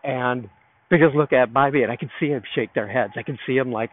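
This man's mid-range voice moves fast as he hosts his podcast alone outdoors in a park, musing through a meandering story. The sound is thin and phone-like.

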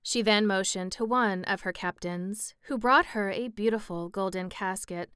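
A woman narrating an audiobook with calm, steady storytelling on a close microphone. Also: mid-range voice, normal speed, few pauses, clear, resonant tone, no echo.

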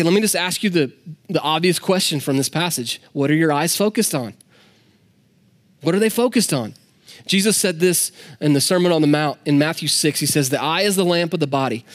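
Male pastor delivering a sermon; slightly high-pitched, candid, casual asides. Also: normal speed. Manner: candid, conversational preaching with asides to the congregation.

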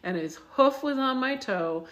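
A woman's voice: high-pitched, expressive, measured pace, a bit bright. Woman, podcast co-host, casual chat, reflective, rambling, filler-heavy.

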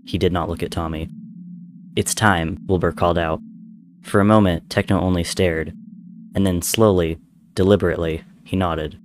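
A man reading a story aloud in a measured, dramatic way. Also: low voice, steady tone, a little mellow, a little hiss or hum. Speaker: narrator.

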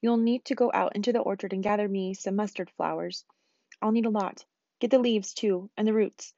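A woman's voice: mid-range voice, steady tone, vocal fry, warm tone, dry recording, lo-fi sound. A woman reading aloud, voicing a busy, commanding woman doctor handing out chores. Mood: urgent. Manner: brisk, commanding.

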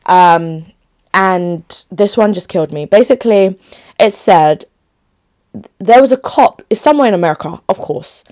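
A woman's voice: medium pitch, normal speed, a little mellow. A young adult woman chatting casually to her viewers, emphatic and often restarting her phrases. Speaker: vlogger. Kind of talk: casual talk to camera.

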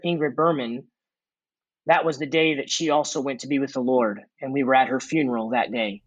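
A man guest in an interview, earnestly telling a personal testimony with reflective pauses and fillers. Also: on the high side, a bit bright, dry recording, poor audio. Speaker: former corporate executive turned mission worker.

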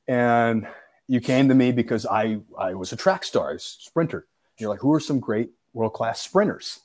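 Speaking at medium pitch and normal speed, a young man chats casually about an old prank from his school days. The telling is lively, full of laughter, acted-out quotes, and free swearing.

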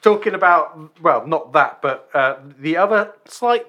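A man with a crisp, bright tone and a slightly high voice, talking a film over casually with friends. He loops back and restarts mid-thought, full of easy conversational asides. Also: expressive, a little slow, lo-fi sound. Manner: chatty, trailing off and restarting. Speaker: podcast co-host. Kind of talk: casual film review chat.

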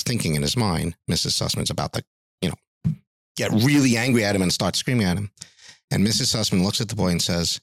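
A man's voice: fairly low pitch, fairly quick, creaky, fairly bright tone, no echo, studio quality. A middle-aged man, a music teacher, telling stories in a podcast interview and acting out the voices of people he quotes.

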